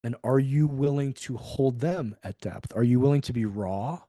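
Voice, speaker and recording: This clip captures a middle-aged man as a guest on a podcast, talking openly in an interview and performing quoted lines with animation. He speaks at normal speed in a dark, medium-pitched voice, recorded dry with clean studio sound.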